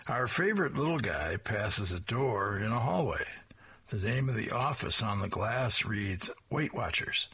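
Guy reading the funny pages out loud, bright raspy voice, bit low. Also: a little slow. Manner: animated, chuckles after punchlines. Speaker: host reading comic strips aloud. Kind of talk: read-aloud narration of comics.

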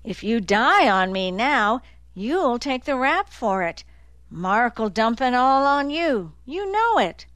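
A woman's voice: fairly high pitch, sing-song, slow, a bit bright, no room sound, voice pushed up, full character voice. A woman doing an insistent male detective. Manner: pressing, insistent questioning. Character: urgent male detective coaxing a dying man.

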